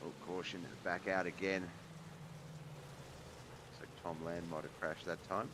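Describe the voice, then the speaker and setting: A man's voice: sits low, level tone, measured pace, noisy background. A man streaming from home, calling a sim race in laid-back play-by-play and thinking aloud about what happens on track. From Australia. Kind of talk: sim racing commentary.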